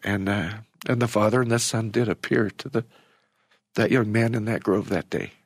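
Older guy telling his story, halting and emotional, lots of restarts, dry close sound. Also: on the low side, fairly even intonation, no echo. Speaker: interview guest. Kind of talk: personal storytelling.

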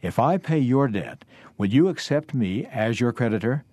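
A man voicing a calm, kindly male mediator who offers to pay the debt, read out in a steady, reassuring way. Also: medium pitch, normal speed, no echo, lightly acted.

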